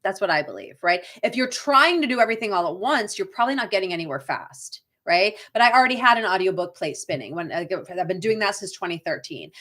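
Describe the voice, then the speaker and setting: A middle-aged woman with a Boston accent talks shop in a loose, chatty way, often checking in with a quick "right?" as she goes. Her voice sits at an ordinary middle pitch for a woman, and she hosts an unscripted live coaching session. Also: lively intonation, fairly bright tone. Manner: chatty, frequent "right?" tag questions, reads viewer comments aloud. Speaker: acting career coach. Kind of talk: live-stream coaching chat.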